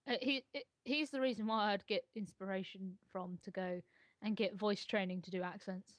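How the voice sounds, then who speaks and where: A woman's voice: mid-range voice, steady tone, normal speed, no room sound. Giggly young woman, dry close sound. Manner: giggly, teasing storyteller. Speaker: gaming co-host. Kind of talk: casual gaming chat.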